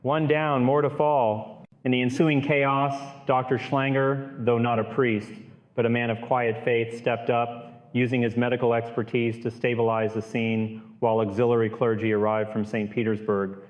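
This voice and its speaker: A man narrating a true-crime style horror audiobook in a steady, grave storytelling voice. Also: medium pitch, normal speed, lo-fi sound.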